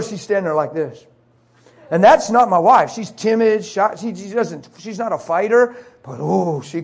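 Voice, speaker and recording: A man's voice: high-pitched, husky. A middle-aged man preaching, telling an emotional personal testimony in a confessional way. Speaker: pastor.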